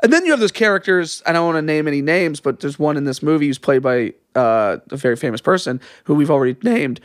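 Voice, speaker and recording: Animated young man, rambling casual chat. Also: on the high side, fast, no room sound, clean studio sound. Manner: animated, rambling, swears freely. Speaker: podcast co-host.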